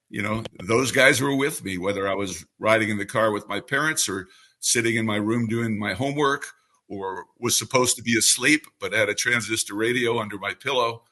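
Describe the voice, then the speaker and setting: A man in his seventies from New York City, a veteran baseball radio broadcaster telling stories as an interview guest in a smooth trained announcer delivery. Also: fairly low pitch, moderate pace. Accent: New York, mostly trained away. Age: 70s. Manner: relaxed anecdotal storyteller with a polished announcer delivery. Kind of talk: storytelling interview answer.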